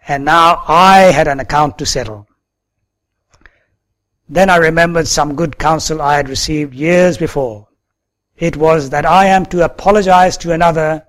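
Slow, earnest preaching man. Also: on the high side. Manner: earnest storytelling testimony. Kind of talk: sermon.

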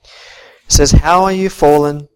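A man preaching a sermon and reading scripture, earnest, swinging from soft to emphatic. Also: fairly high pitch, steady tone, slow pace, clean tone.

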